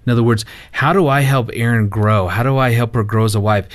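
A middle-aged man, a marriage counselor guest, telling a family story in casual talk, animated with halting restarts. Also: mid-range voice.

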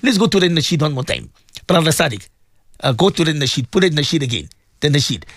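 A man's voice: fairly high pitch, very animated, fast talker, fairly bright tone, no echo, studio quality. Impassioned male radio preacher. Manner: impassioned, repetitive, addresses listeners directly. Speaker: radio presenter and Islamic preacher. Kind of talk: live religious radio talk with listener messages. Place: radio studio.

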